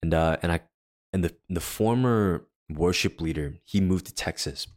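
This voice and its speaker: A man's voice: sits low, normal speed, darkish tone. A man co-hosting a faith podcast, earnestly telling a personal story in a casual way, often restarting his sentences. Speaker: podcast co-host.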